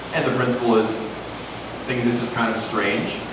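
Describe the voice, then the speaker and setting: A man's voice: mid-range voice, flat delivery, normal speed. Man narrating a camp skit, super echoey, far off mic, noisy room.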